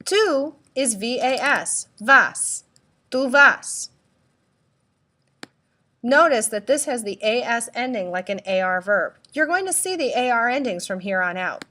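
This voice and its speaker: Woman language teacher, fairly high and bright tone, deliberate tutorial delivery with repeat-after-me prompts. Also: lively intonation. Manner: slow, deliberate, spells out letters and prompts repetition. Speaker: Spanish teacher. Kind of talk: recorded classroom tutorial.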